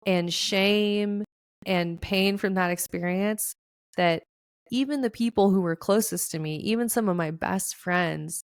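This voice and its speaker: A woman's voice: fairly low pitch, smooth, dry recording, studio quality. Podcast host, woman, 30s, earnest and emotional, resonant tone. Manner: emotional, tearful at times, earnest. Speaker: podcast host and relationship coach. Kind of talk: heartfelt solo podcast talk.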